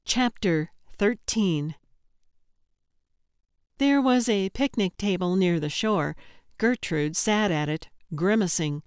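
Woman narrator for a cozy mystery read, unhurried delivery, dry close studio sound. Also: mid-range voice, clean tone, dry recording. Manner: measured, even storytelling. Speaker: audiobook narrator. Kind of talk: scripted audiobook narration.

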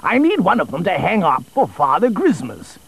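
A man voicing a kindly, fussing storybook king for a children's story, speaking slowly and gently. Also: high-pitched, wildly swooping pitch, vocal fry, slightly rough, no echo, voice pushed up, full character voice. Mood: gentle.

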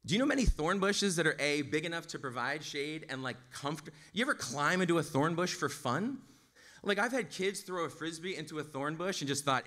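Male pastor, sermon, casual and chatty, bright tense tone, slightly higher pitch. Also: animated, brisk. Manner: casual, conversational, with frequent "like" and "right?".

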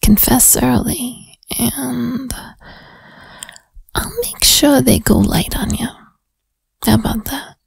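A woman voicing a flirty, menacing female detective in whispered role-play, with a hoarse sick voice and a New York–New Jersey-ish accent. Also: fairly high pitch, takes it slowly, pauses often, no echo, exaggerated voice. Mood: coaxing. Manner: coaxing, teasing threats.

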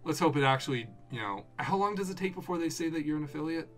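A man giving casual gaming commentary as a let's play co-host, excitable and laughing often. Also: on the high side, quick pace, faint music behind.

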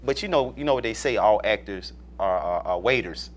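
A man's voice: lowish voice, lively intonation, a little fast. A man from Alabama, a director telling stories in a casual interview, full of fillers and restarts. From Alabama, US South. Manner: rambling storyteller, many fillers and restarts. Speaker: film director and producer, guest.

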